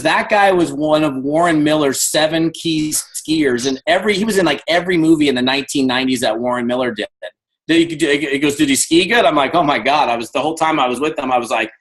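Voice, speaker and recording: A man in his fifties giving an energetic motivational talk on a video call, acting out the voices in his stories. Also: fairly high pitch, low-quality recording. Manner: energetic storyteller, acts out dialogue. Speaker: guest speaker.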